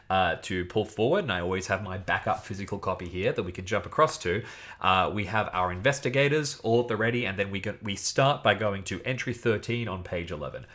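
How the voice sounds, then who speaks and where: A man's voice: on the low side, fairly bright tone. A man running a solo tabletop game on a livestream, chatting with viewers and reading the rules with enthusiasm.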